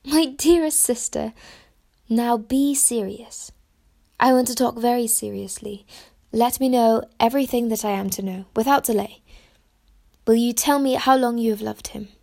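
A gentle, earnest young elder sister, put on by a woman reading aloud. She speaks softly and pleadingly in a raised, light voice with a touch of vocal fry. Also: a little high, normal speed.

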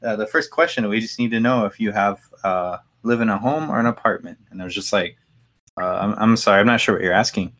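A man's voice: fairly low pitch, fast, a bit bright. A young man in casual chat, laughing as he retells a phone call and acts out the voices. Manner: laughing, quotes callers in put-on voices. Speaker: podcast co-host.

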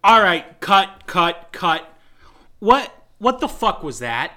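A man's voice: sits high, big pitch swings, takes it slowly, over music, heavily acted. A man voicing an exasperated male recording engineer, blunt and irritated. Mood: annoyed.

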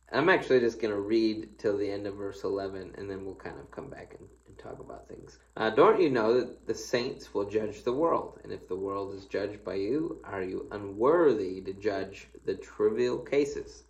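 Slow, low-voiced pastor man. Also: highs cut off. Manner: reads scripture aloud, then comments conversationally; folksy and playful asides. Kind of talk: casual devotional Bible teaching.

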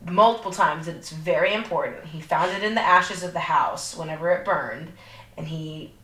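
This podcast co-host is a young woman with a low-sitting voice at normal speed. She recounts a film's plot in animated, profane banter full of filler words, recorded in an echoey room.

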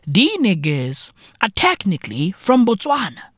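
Podcast host, male, comedic solo rant: slow, bright, sharp delivery with wildly swinging pitch, frequent shouting, dry close sound. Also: very animated, dry recording. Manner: profane slang-heavy ranting, bursts into shouting.

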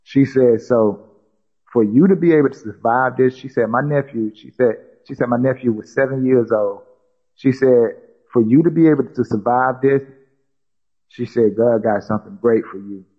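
A man's voice: medium pitch, normal speed, slightly rough, highs cut off. A man from South Carolina, a podcast guest recounting a personal story and quoting others with many "she said" tags. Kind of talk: storytelling in conversation.

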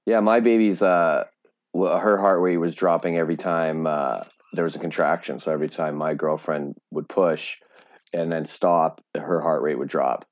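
A man hosting a casual chat, relaxed and supportive as he shares his own story. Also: extremely low pitch, moderate pace, no room sound, muffled recording.

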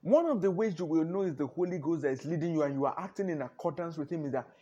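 A man preaching with a high, husky voice. He is emphatic, piles up repeated "no, no"s and chuckles between points. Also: animated, quick pace, dark tone, highs cut off. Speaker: pastor. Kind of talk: sermon.

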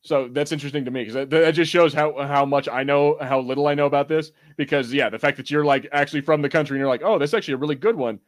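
A man's voice: fairly high pitch, steady tone, fast talker, few pauses, dry recording. A young American man co-hosting a podcast in casual chat, laughing often and swearing casually. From United States. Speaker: podcast co-host.

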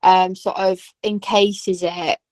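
A woman's voice: mid-range voice, level tone, slow, darkish tone, dry recording. A woman co-hosting a podcast, explaining things in casual chat with a few restarts. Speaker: podcast co-host.

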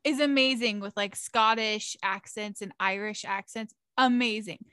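A woman's voice: mid-range voice, unhurried, bright, forceful tone, clear, resonant tone, dry recording, clean studio sound. A young woman co-hosting, talking casually with lots of fillers and giggles. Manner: rambling, filler-heavy, giggly. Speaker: podcast co-host. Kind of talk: casual chat.

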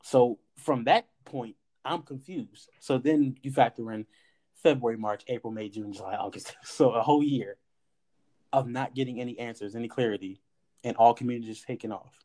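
A man hosting a podcast, telling a personal story in casual chat with animated delivery, acting out quoted dialogue and swearing now and then. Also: mid-range voice, moderate pace. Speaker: podcast host.

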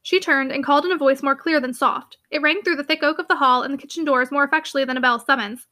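Woman narrator, audiobook, high voice, fast delivery. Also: sharp tone. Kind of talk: audiobook narration of a classic novel.

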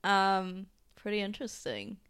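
A woman's voice: mid-range voice, sing-song, measured pace, a bit bright, clean tone. A young woman co-hosting a podcast, chatting casually and telling a rambling story with lots of giggles and fillers. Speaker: podcast co-host. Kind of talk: casual chat.

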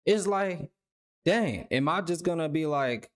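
A man's voice: animated, normal speed. Rambling, profane male podcast host. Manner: rambling, profane, repeats words, voices imagined people with a raised pitch. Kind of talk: casual commentary.

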